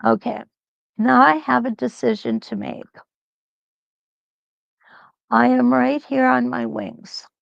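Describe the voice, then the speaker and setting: Slow, gravelly-voiced woman teaching quilting. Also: a little high, steady tone, no room sound, dull audio. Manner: slow, reassuring, thinks aloud while sewing. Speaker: quilting instructor hosting a live quilt-along. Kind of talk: live step-by-step demonstration.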